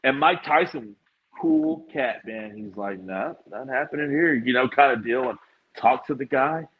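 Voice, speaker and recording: A man's voice: mid-range voice, unhurried, breathy edge, lo-fi sound. A man co-hosting a podcast, chatting enthusiastically and laughing often. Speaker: podcast co-host. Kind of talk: casual chat.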